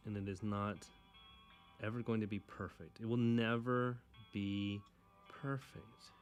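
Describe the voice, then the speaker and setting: A young man casually chatting while he draws, rambling and correcting himself as he goes. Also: lowish voice. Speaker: artist drawing on camera. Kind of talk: casual chat while drawing.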